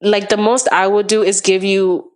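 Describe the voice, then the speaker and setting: A woman's voice: mid-range voice, flat delivery, normal speed, a little mellow. A young woman from Canada, a podcast guest, telling a long story in a rambling, casual way, full of "like" and acted-out quotes. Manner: rambling, heavy use of "like", acts out quotes.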